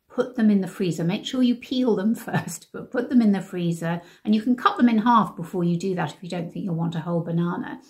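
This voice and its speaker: A woman, sharing diet tips in a chatty, emphatic way as a lifestyle vlogger. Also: fairly low pitch. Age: 60s. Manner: warm, conversational, emphatic.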